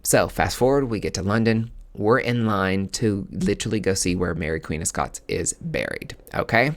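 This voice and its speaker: A man with a somewhat low voice tells a personal story in a loose, casual monologue. He is animated and dramatic, and he swears freely as he acts out his own reactions. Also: moderate pace. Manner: animated, profane, dramatic retelling. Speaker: podcast host.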